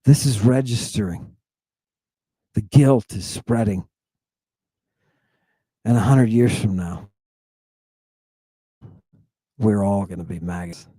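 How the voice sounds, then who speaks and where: A middle-aged man giving a provocative lecture, confrontational and insulting, swinging between loud jabs and low mutters. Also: slightly rough, no room sound.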